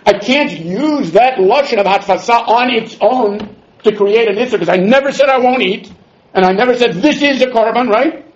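A man's voice: extremely high pitch, moderate pace, highs cut off. A man teaching a Talmud class, sarcastic and exasperated, mixing Hebrew and Aramaic terms into his explanations.

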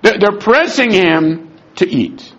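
A man teaching a Talmud lesson in an argumentative, animated way, dropping in Aramaic terms and restarting his sentences. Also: high-pitched, takes it slowly. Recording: dull lo-fi recording.

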